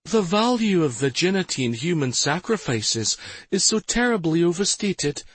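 A man voicing a soft-spoken, predatory female creature who speaks in a silky purr. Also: on the low side, very animated, husky, no echo, voice pushed up. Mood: mocking. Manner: slow, cold, mocking menace. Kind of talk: audiobook narration.

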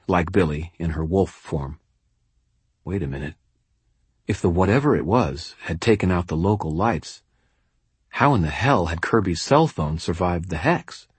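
A man reading a first-person novel aloud as an audiobook, with measured, dramatic storytelling. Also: low voice, husky, dry recording. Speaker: audiobook narrator.

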